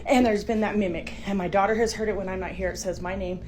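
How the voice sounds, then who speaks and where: A woman's voice: mid-range voice, steady tone, fast talker, a little mellow. A middle-aged woman filming inside her house on a phone, talking urgently to viewers, frightened and dropping to whispers. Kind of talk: handheld home video talking to viewers. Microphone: phone camera. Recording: home phone video with clear background noise.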